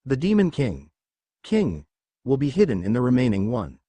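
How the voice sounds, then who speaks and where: A man's voice: medium pitch, huge pitch swings, normal speed, warm tone, no room sound. A man voicing a tense young woman army commander who barks orders and snaps back with retorts.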